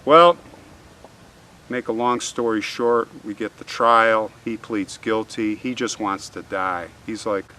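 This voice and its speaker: A man telling a true crime story in a casual, animated way, often acting out what people said. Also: on the low side, slow pace, recorded from a distance, a little hiss or hum. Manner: animated, conversational, acts out quotes.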